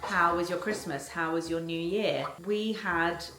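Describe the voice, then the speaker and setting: A woman's voice: lowish voice, a little slow. A woman, chatting casually to camera for her vlog at home, bubbly and rambling. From London. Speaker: vlogger. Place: home kitchen. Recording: echoey kitchen with background noise. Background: cooking sounds.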